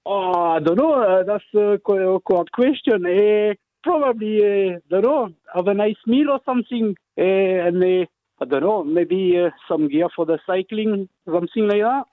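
A middle-aged man with a French accent, heard over a tinny phone line. His voice sits high for a man, and he talks in an excitable, halting way full of fillers as a caller on a phone-in. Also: dry recording. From France. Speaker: caller, contest winner. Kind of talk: phone-in chat. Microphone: telephone.

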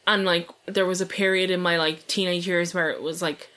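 A woman's voice: on the low side, fairly even intonation, a little fast, pushed and bright. A woman in a casual chat, talking emphatically with many fillers.

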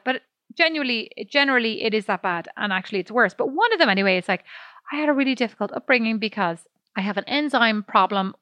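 A bright, slightly high-pitched woman talking on a podcast in a dry, close-miked sound. She rambles through her stories with self-deprecating asides and casual swearing, circling back to her point. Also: animated, quick pace, no echo. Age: adult. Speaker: podcast co-host. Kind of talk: casual chat.

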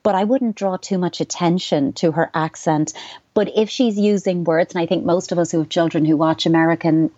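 Irish woman, low voice, calm advice on radio, dull dry sound. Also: no echo. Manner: measured, reassuring, explanatory. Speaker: child psychotherapist guest.

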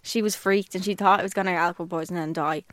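Fast-talking young woman. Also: on the low side, steady tone, fairly bright tone, no room sound, studio quality. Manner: chatty storyteller, swears freely. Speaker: podcast co-host. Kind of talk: casual chat.

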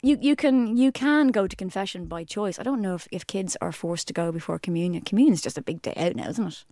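A woman in her thirties with a Dublin Irish accent, co-hosting a casual chat podcast in a lively, chatty way. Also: mid-range voice, no room sound, studio quality. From Ireland. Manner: lively, chatty, quick to laugh. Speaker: podcast co-host.

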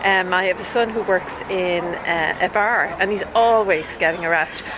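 A woman's voice: on the low side, normal speed. Woman outdoors, traffic noise behind. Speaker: passer-by, parent. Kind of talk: street vox pop.

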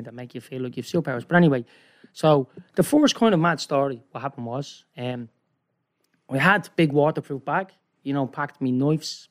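A man with an Irish accent telling a rambling, animated story as a guest, often checking in with "right?". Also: mid-range voice. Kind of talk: casual storytelling.

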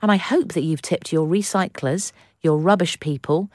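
Effusive woman, low and dry. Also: moderate pace, dry recording. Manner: effusive and theatrical, gasps with delight. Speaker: podcast co-host. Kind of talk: casual chat.

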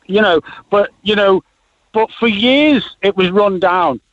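A man's voice: high-pitched, a little slow, a bit bright, no echo, highs cut off. A man, calling in to a radio show and chatting casually, rambling with lots of fillers and restarts. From Liverpool. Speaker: caller. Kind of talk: casual radio phone-in chat.

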